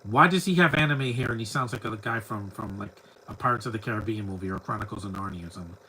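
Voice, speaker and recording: A man's voice: on the low side, fast, sharp tone, a little hiss or hum, rough recording. A man giving live, rambling commentary over a movie, talking back at the screen bluntly and often stumbling over repeated words. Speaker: film commentator.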